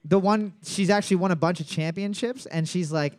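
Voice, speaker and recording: A man hosting a casual trivia game, reading each question twice with loud joking calls. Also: high-pitched, brisk. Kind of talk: casual podcast banter.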